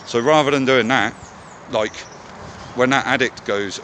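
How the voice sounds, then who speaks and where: A man's voice: mid-range voice, moderate pace, fairly bright tone, a little hiss or hum. A man vlogging in a candid, casual monologue, swearing often as he talks.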